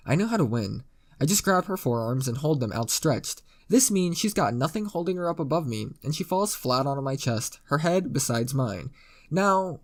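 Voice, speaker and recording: A man reading a first-person internet story aloud in a casual, dry way with crude asides. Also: mid-range voice. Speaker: story narrator.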